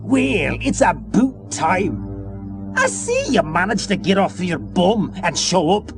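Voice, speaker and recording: A grumpy bearded dwarf who barks orders in a gravelly dwarven brogue. His voice swoops widely and he drawls, with game music clearly heard behind. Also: high-pitched, wildly swooping pitch, slow pace, heavily acted. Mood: gruff. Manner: brusque, ordering about. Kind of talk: 1990s adventure game voice acting.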